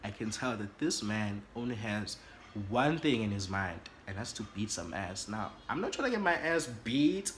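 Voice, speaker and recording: A South African man telling an animated, dramatic story for his vlog, switching languages. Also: lowish voice, moderate pace, slight background noise. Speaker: YouTuber.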